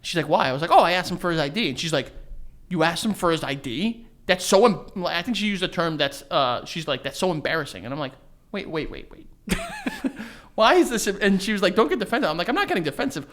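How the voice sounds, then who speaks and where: A man tells a story in casual podcast chat, his fairly high voice swinging up and down as he acts out each exchange. He swears freely and fires off rhetorical questions. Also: very animated, fast talker, fairly bright tone. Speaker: podcast co-host.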